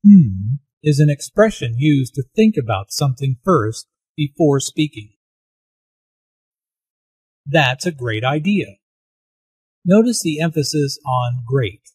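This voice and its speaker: A man's voice: on the high side, big pitch swings, a little slow, few pauses, mellow, husky, dry recording, poor audio. Man explaining English phrases. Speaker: English teacher. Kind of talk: scripted lesson narration.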